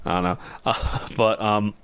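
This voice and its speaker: Young male podcast host, bright voice, jokey and giggly. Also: lowish voice, steady tone, a little slow, clear, resonant tone. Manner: laughs often, jokey, puts on silly accents. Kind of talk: casual chat.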